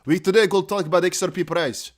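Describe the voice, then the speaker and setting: A man puts on a loud, cheery crypto host with a mock Russian accent and broken English. The voice sits a little high. It is a joking impression on a live stream. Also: fast talker, natural voice.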